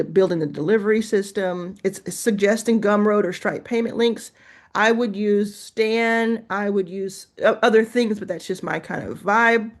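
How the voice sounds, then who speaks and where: A woman with a mid-range voice hosts a casual screen-share tutorial, chatting and reacting as she goes. She laughs to herself while typing and reading aloud.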